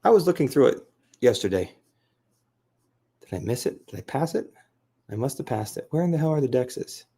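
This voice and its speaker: A man hosting a casual crypto video, talking through his screen with excitable, rambling commentary, full of fillers and repeats. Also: mid-range voice, normal speed, vocal fry, pauses often, breathy edge.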